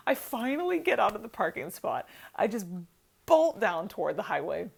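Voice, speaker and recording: An American woman in her thirties telling a personal story to camera in a casual vlog. She is animated and fills her talk with "like," moving from hushed to loud. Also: mid-range voice, normal speed, gravelly, husky. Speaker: vlogger, channel host.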